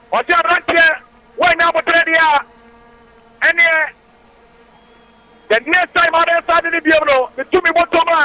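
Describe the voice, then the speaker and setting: A man giving excited live football commentary on radio, calling out player names in quick play-by-play. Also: very high-pitched, dry recording. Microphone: radio studio mic. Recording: tinny radio broadcast line.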